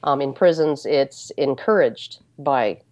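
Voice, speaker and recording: A woman guest in a casual interview, explaining her points deliberately with many fillers. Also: extremely low pitch, darkish tone, no room sound.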